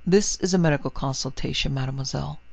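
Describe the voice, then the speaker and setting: A man voicing a calm, courtly French doctor with a French accent, soft and measured. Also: mid-range voice, creaky, no echo. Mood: soothing. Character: dapper older French doctor, calm and precise. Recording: dry, slightly muffled recording.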